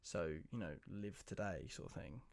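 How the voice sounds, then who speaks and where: A man's voice: low-pitched, normal speed, creaky. A man co-hosting a casual film podcast, thinking aloud hesitantly and trailing off. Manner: hesitant, trails off, many fillers. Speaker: podcast co-host.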